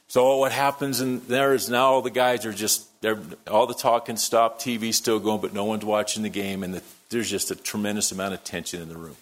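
A man preaching a sermon, telling a story that moves between quiet, hushed lines and loud, worked-up ones. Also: lowish voice, little pitch movement, fairly quick, few pauses. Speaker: pastor.

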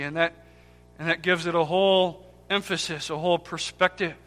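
Impassioned high-voiced male preacher. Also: fairly even intonation, normal speed. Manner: impassioned, swings from loud outcries to hushed near-whispers; repeats words for emphasis. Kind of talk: sermon. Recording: long hall reverb with faint music.

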